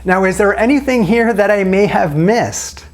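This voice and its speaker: Questioning man coaching listeners, lively pitch. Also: normal speed. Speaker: dating coach. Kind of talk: self-help video instruction.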